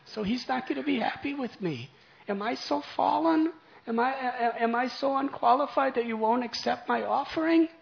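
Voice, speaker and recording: A man voicing a small boy who pleads through tears with the deity, his voice pushed high and strained. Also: expressive, normal speed, gravelly, hardly any pauses, muffled recording, full character voice. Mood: tearful pleading.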